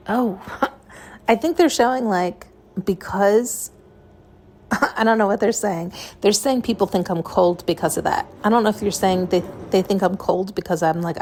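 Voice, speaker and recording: Gravelly-voiced woman rambling frankly. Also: medium pitch, measured pace, a little mellow, a little hiss or hum. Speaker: podcast host. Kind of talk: casual intuitive monologue.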